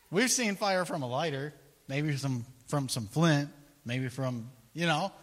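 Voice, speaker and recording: A man preaching a sermon, retelling scripture in an animated storytelling way and laughing often. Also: medium pitch, in a large hall.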